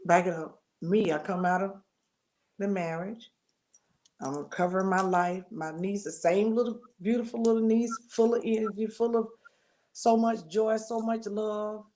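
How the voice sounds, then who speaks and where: A middle-aged woman, telling a personal testimony as an interview guest, expressive and acting out the voices she quotes. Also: medium pitch, normal speed, slight background noise. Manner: expressive storytelling, acts out quoted voices, churchy endearments.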